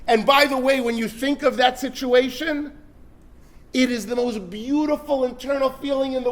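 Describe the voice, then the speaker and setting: A man, a rabbi, lecturing parents in a storytelling style, sprinkling religious terms into plain talk and swinging between loud urgent peaks and soft asides. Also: very high-pitched, moderate pace. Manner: animated, builds to loud urgent peaks then drops soft. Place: synagogue hall before an audience.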